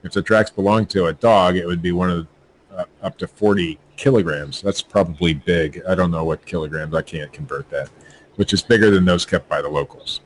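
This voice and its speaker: In poor audio with a little hiss or hum, a man with a low voice speaks a little fast while hosting a podcast. He reads the news with stumbles and joking asides, laughing at his own humor.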